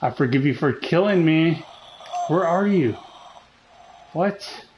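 A man talks through a horror game in a slow, drawn-out way, teasing the game and joking as he goes. His voice sits a little high for a man. A faint ambient hum runs underneath. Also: lively intonation, highs cut off. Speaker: gaming channel host. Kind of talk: live horror game commentary.

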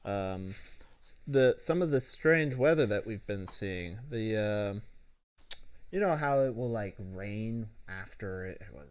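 A man's voice: lowish voice, lively intonation, slow pace, low-quality recording. A man playing a tabletop game in character, asking questions and hesitating often. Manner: hesitant, inquisitive. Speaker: player.

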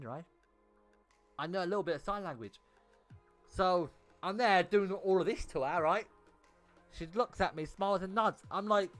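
A young man tells a story on a gaming livestream in a high, bright, sharp voice. He is animated and swears freely, stumbling over repeated words. Faint music plays underneath. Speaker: gaming streamer.

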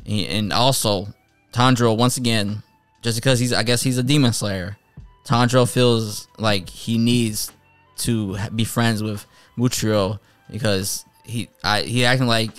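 A man's voice: fairly low pitch, fairly even intonation, unhurried, clean tone, no room sound, soft background music. A man casually reviewing an anime episode, retelling scenes in a rambling way with many fillers and restarts. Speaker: anime reviewer, channel host.

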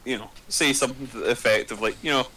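A man playing a tabletop game, speaking haltingly and thinking aloud as he decides his moves in casual chat. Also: mid-range voice, bright, forceful tone, slight background noise, rough recording. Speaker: player.

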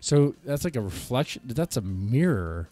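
A man's voice: medium pitch, big pitch swings, normal speed, mellow, dry recording, faint music behind. A man streaming and reacting to a video clip, commenting in a laid-back, sarcastic way.

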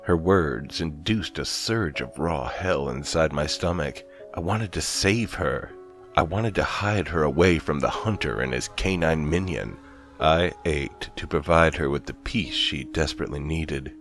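Very deep-voiced male horror narrator. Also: fairly bright tone, soft background music. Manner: slow, grave, dramatic reading.

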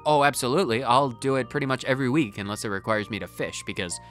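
A man giving casual gameplay commentary, rambling and talking to himself, going off on tangents with sudden jumps in loudness. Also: medium pitch, brisk, hardly any pauses, faint music behind. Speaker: gaming video host. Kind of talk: casual let's-play commentary.

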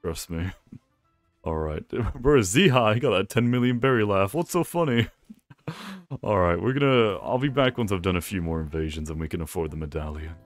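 A young man giving excitable gameplay commentary, talking to himself and laughing often. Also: lowish voice, moderate pace, no echo, faint music behind. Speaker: gaming YouTuber.

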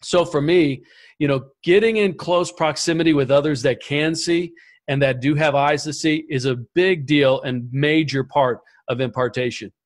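A man on a panel telling his spiritual testimony in an animated way, often repeating words as he goes. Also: a little high, moderate pace. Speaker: panel guest. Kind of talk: storytelling testimony.

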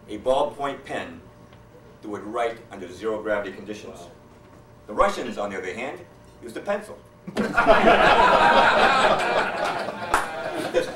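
A man tells political jokes in a folksy, storytelling manner, with a lively, swinging pitch. He is recorded in a roomy hall from some distance. Faint room ambience is heard behind him. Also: a little hiss or hum. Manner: folksy storyteller, chuckles at his own punchlines. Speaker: speaker at a political society event. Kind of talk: stand-up joke telling. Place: event hall, indoors.

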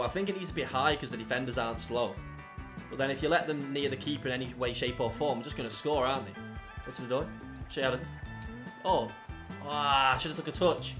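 A young man commentating his own football video game, swinging from low muttering to loud yelling. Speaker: gaming YouTuber. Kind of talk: live gameplay commentary.

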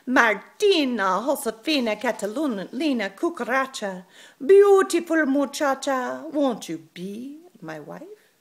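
A woman voicing a boastful male pig suitor in a storybook reading, loud and bragging with a sing-song lilt. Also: a little high, wildly swooping pitch, unhurried, breathy edge, pitched above the performer's own voice, exaggerated voice. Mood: crooning.

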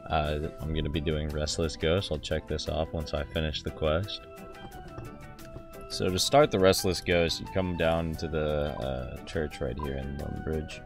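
Young man, very deep voice, jokey rambling game commentary, faint music behind. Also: little pitch movement, unhurried, gravelly. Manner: jokey, rambling, with mock-dialogue asides. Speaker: gaming video host. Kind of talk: joking gameplay commentary.

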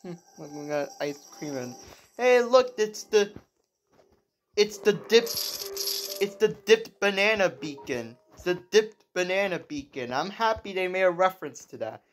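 A young woman giving excited commentary over her gameplay, full of exclamations, repeats and restarts. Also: fairly low pitch, unhurried, faint music behind. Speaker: gaming video creator.

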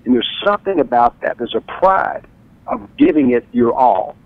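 A man tells stories as a radio guest, his voice leaping up and down as he acts out what others said. There's a gravelly grain to his voice. The sound is dry and tinny, as if heard over a phone line. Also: sing-song, moderate pace, no echo. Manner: enthusiastic storyteller, acts out quotes with big pitch jumps. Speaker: author and guest. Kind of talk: animated radio interview storytelling.

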